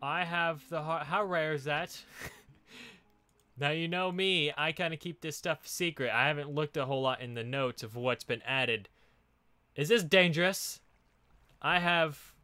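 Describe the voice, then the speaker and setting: A man's voice: on the high side, measured pace, sharp tone, no room sound. A man hosting a let's play, chatting casually and laughing often while he explores and digs. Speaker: gaming channel host.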